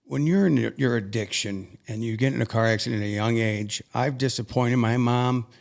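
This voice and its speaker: Young adult man, earnest, halting storytelling, mid-pitched voice. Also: vocal fry. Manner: earnest, halting, emotional retelling. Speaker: interview guest. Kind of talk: personal storytelling.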